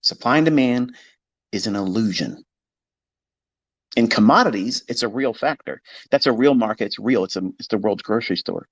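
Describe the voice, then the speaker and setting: A man's voice: medium pitch, lively intonation, normal speed, lo-fi sound. A man gives an unscripted monologue, blunt and combative, swearing freely. His voice sits in an ordinary middle register. The sound is dry and close, with no room echo. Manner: blunt, profane and combative, mimicking critics in quoted voices. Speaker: trading educator.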